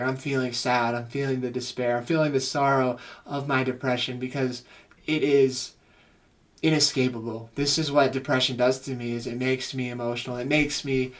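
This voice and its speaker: An earnest male psychotherapist talks through his reaction to a song at a middling pitch. He is effusive and heartfelt, heaping praise as he unpacks each emotion. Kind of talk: reaction commentary.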